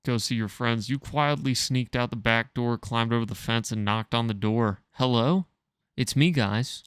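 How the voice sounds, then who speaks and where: A man with a smooth, resonant voice at a middle pitch reads a choose-your-own-adventure story aloud for his podcast. He stumbles over words now and then and laughs through them, and the sound is dry and close. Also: little pitch movement, normal speed, fairly bright tone, dry recording. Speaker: podcast co-host reading a story.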